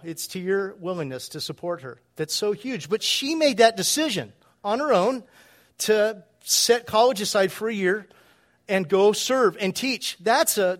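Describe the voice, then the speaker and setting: Middle-aged male pastor, high-pitched, relaxed conversational preaching, quick laughs. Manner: conversational, chuckling asides, frequent restarts. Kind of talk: sermon. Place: church.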